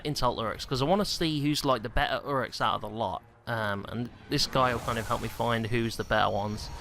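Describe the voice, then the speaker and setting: Out of breath in a small, stuffy room at home, a young gaming YouTuber rambles casually over gameplay, filling gaps with "um" and "like." His voice is medium in pitch, pushed and bright, with slight background noise.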